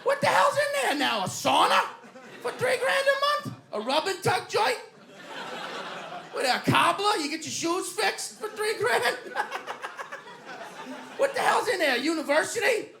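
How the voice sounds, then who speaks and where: A man playing a cranky, indignant old New Yorker who yells scornful questions. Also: extremely high pitch, sing-song, a little slow, vocal fry, pauses often, roomy sound, some chatter behind, slight background noise, voice pushed up, exaggerated voice. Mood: indignant ranting. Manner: yelling, scornful, incredulous rants.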